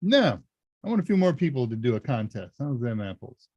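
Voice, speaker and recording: A man hosting a live Q&A stream, chatting casually and joking as he reads messages and thinks out loud. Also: medium pitch, sing-song, brisk, no echo, lo-fi sound. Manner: chatty, jokey, thinks aloud. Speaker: live Q&A host.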